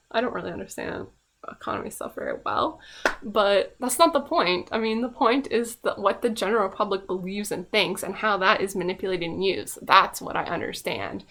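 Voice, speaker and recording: A young woman from Canada delivers a casual rant straight to camera. She is blunt and swears freely, laughs often, and swings between loud outbursts and quiet, trailing musing. Her voice sits at an ordinary middle pitch for a woman. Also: fairly quick, gravelly. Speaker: vlogger.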